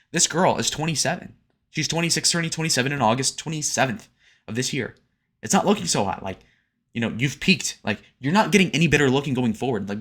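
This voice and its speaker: A sarcastic young man with a bright, mid-range voice gives casual reaction commentary online. His delivery is crude and sarcastic, loaded with "like" as filler.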